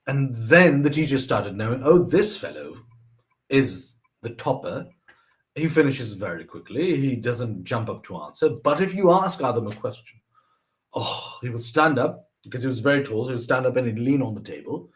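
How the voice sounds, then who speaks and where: A young man telling personal stories about lessons from his mother, acting out the voices of the people he quotes. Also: normal speed. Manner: animated, acts out quoted voices with pitch jumps. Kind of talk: personal storytelling monologue.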